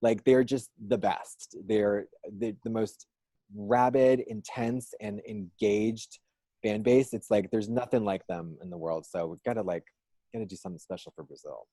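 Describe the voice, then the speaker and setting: In a laid-back interview, a male guest who is a drag performer and musician makes dry jokes and rambles, full of fillers and restarts. He speaks at a normal speed with a fairly low pitch and dark tone, and there's no room sound.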